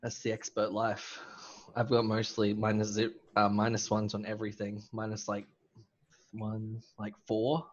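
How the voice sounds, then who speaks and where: A man's voice: on the low side, completely flat delivery, unhurried, lo-fi sound. A man playing in a tabletop game, chatting in an easygoing, rambling way. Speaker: player. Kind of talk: casual tabletop game chat.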